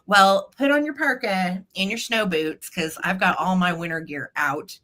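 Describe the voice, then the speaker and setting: A woman's voice: mid-range voice, normal speed, sharp tone. A middle-aged woman hosting a live vintage sale stream, bubbly and chatty, greeting viewers by name.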